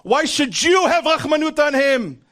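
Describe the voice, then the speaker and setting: A man's voice: very high voice, expressive, moderate pace, a bit bright, pitched above the performer's own voice. A man voicing an accusing male demon who urgently complains to God about a sinner, told within a religious class.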